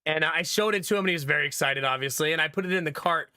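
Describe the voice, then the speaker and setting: A man's voice: a little high, racing, pushed and bright, clear, resonant tone, no room sound, clean studio sound. A young man casually telling family stories to his stream chat, laughing often as he goes. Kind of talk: casual storytelling to live chat.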